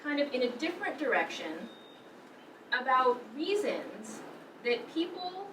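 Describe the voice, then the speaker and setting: A woman's voice: sits high, very animated, a little slow. Woman presenter guiding a workshop. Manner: thoughtful, guiding, many fillers. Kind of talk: workshop facilitation. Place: conference room. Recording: roomy, from far off with background noise.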